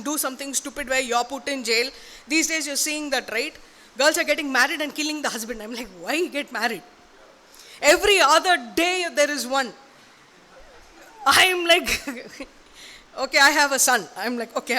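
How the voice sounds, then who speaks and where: A woman's voice: high voice, sharp tone. A woman preaching a sermon in a conversational way, often checking in with "okay?" and "right?". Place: church. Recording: reverberant church hall.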